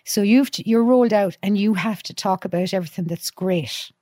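Dublin woman, podcast guest, animated storyteller, swears freely, dry close sound. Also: mid-range voice, fairly quick, no echo. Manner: lively storyteller, acts out quotes, swears freely. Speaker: podcast guest, youth worker. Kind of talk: casual chat.

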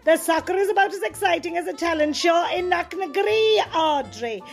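A woman's voice: very high voice, expressive, normal speed, creaky, faint music behind, full character voice. An actress playing a chatty middle-aged rural woman from North Cork with a North Cork accent, writing in to an advice column. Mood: gossipy. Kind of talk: comic radio sketch.

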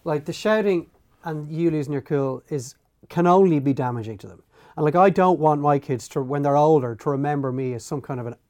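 A middle-aged man, a podcast co-host telling animated stories about parenting and mimicking himself shouting at his kids. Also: fairly high pitch, fairly quick. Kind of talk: casual chat.

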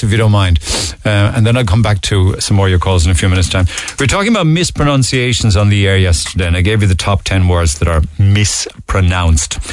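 A man with a Cork Irish accent hosting a talk radio show, reading listener texts in a chatty, amused way. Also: low-pitched. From Ireland. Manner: chatty, amused, often laughing. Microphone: studio microphone.

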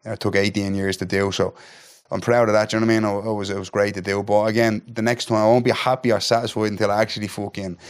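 A man's voice: fairly low pitch, flat delivery, fast, smooth. A man in his thirties with a Dublin accent, a guest on a podcast chatting bluntly and swearing freely, often tagging "do you know what I mean". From Ireland. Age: 30s. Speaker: guest, professional fighter. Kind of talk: casual podcast chat.

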